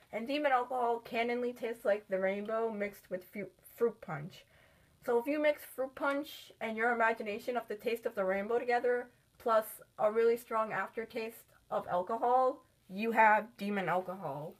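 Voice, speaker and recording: In a casual vlog, a woman shows off her sketchbook, talking in a medium-pitched voice with a little hiss or hum in the background. She rambles, filling her speech with lots of "like."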